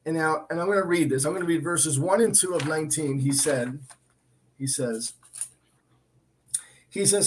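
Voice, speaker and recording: A man's voice: fairly high pitch, moderate pace, pauses often, slight background noise. A man co-hosting a Christian talk show, teaching from the Bible in an earnest, emphatic way, often restarting and repeating himself. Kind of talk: Bible teaching in casual chat.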